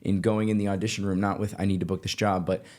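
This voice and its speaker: A man from Colorado hosting a podcast, telling stories in a casual, animated way with lots of restarts. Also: low-pitched, quick pace. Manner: animated, self-interrupting storyteller. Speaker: podcast host, actor. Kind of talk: casual storytelling chat.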